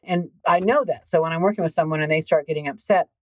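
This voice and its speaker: A woman hosting a podcast as a coach, talking in an animated, emphatic way straight to her listeners. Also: low voice, fast talker, dry recording, rough recording. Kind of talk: conversational podcast monologue.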